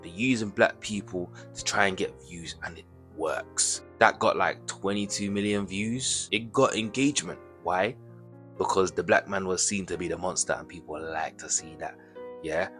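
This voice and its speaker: Indignant low-voiced man. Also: normal speed, fairly bright tone, soft background music. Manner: indignant, repetitive, slangy. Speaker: commentary YouTuber. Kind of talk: ranting reaction commentary.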